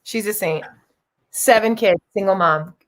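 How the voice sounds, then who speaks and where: A woman's voice: medium pitch, unhurried, fairly bright tone. A woman hosting a casual video-call interview, effusive and gushing as she asks questions. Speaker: host.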